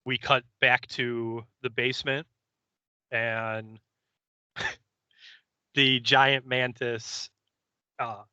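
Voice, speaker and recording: Slow, bright-voiced man recapping. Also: mid-range voice, clean tone, no echo. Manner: retells scenes and slips into quick character voices. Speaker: podcast co-host. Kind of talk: casual episode recap.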